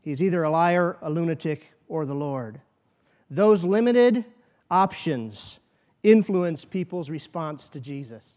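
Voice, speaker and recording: A man's voice: fairly high pitch, animated, unhurried, a little mellow. A man preaching a sermon as pastor, earnest, with rhetorical questions and quoted asides.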